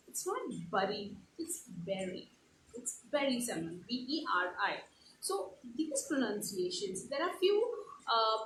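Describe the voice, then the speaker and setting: A woman's voice: high-pitched, fairly bright tone, roomy sound, slight background noise, rough recording. A woman with an Indian English accent teaching spoken English in a live online class, explaining step by step with many fillers and restarts.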